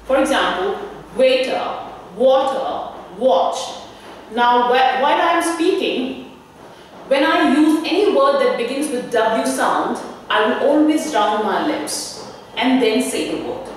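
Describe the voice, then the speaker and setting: A woman teaches pronunciation in a high voice, slowly stressing each example word. Her voice comes from some distance away and carries the echo of a hall. A faint noise sits underneath. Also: lively intonation. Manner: slow, deliberate, stresses example words. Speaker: English language faculty teacher. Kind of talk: pronunciation tutorial.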